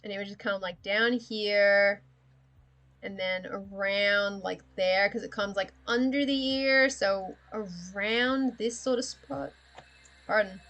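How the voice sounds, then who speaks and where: A woman's voice: medium pitch, takes it slowly, fairly bright tone. A woman chatting casually on a livestream while she draws, rambling, thinking aloud and often giggling. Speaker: streamer.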